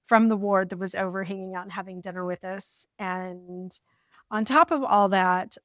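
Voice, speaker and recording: A woman's voice: dry recording, clean studio sound. A woman in her forties from the United States, telling her story in a wry, lighthearted way while reading from an old journal. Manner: wry and lighthearted, with sudden lifts of pitch. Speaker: vlogger.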